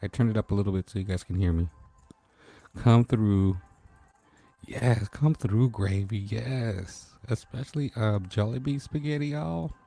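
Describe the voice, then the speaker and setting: Man, laid-back livestream host, chatty, greets viewers by name; lowish, warm tone. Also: measured pace, gravelly. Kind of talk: casual late-night livestream chat. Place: at home at night.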